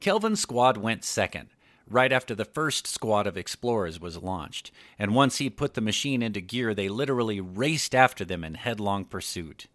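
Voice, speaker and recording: A man narrating an audiobook in a steady, measured way. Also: lowish voice, no echo. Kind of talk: scripted narration.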